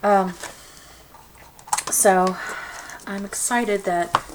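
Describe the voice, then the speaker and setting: A woman's voice: medium pitch, fairly even intonation, drawn-out words, background noise. Chatty woman crafting. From Georgia, USA. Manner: rambling, chatty, many fillers and restarts. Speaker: craft vlogger. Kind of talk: casual chat while crafting.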